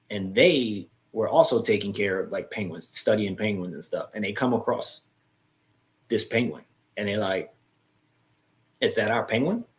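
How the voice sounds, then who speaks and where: Give me a young man hosting a casual live chat, retelling a film's plot with restarts and quick quoted lines. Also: on the low side.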